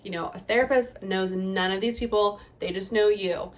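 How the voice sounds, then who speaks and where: A woman's voice: mid-range voice, moderate pace. Young woman, mother, casual vlog, candid, chatty, laughs often. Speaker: vlogger, mother. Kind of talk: casual personal vlog talk.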